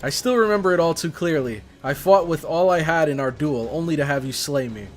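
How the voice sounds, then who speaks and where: A man's voice: a little high, lively intonation, brisk, lightly acted. A man reading the lines of a proud, furious female warrior queen in a haughty, mocking tone. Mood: bitter.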